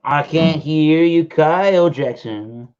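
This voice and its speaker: A man's voice: a little high, slow, darkish tone, clean tone. A man hosting a casual beer review livestream, calling out to a guest whose audio has dropped. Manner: repeats a guest's name to check the line. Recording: dull lo-fi stream audio.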